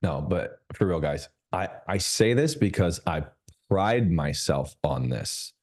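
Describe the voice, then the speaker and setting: A male business coach teaching over a video call, his voice low-set and mellow. He talks emphatically, drawing out key phrases to drive them home. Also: expressive. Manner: emphatic, slows down to stress points.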